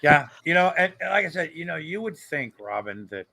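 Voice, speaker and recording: A man's voice: a little high, very animated, fairly quick, sharp tone. An older man co-hosting a casual livestream chat, joking, rambling and swearing freely. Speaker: co-host.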